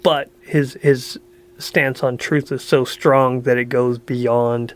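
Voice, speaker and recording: A man's voice: medium pitch, steady tone, slow pace. A man co-hosting a podcast, talking bluntly and profanely in casual chat, laughing often. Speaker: podcast co-host.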